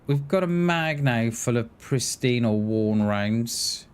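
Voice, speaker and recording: Male streamer, mid-pitched, rambling chatter with frequent restarts, talking to chat while he plays. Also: expressive, slow, smooth. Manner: rambling, restarts words often, talks to chat. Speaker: game streamer. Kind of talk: casual livestream chat while gaming.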